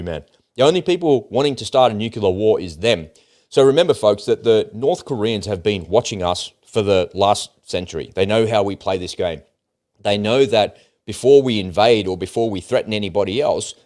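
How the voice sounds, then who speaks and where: Blunt, low-voiced male livestream host. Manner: blunt, profane and animated. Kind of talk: casual livestream commentary.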